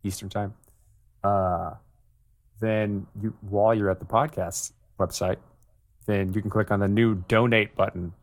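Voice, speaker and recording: A man's voice: on the low side, fairly even intonation, a little slow. A man co-hosting a podcast, chatting in a candid, rambling way. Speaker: podcast co-host. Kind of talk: casual chat.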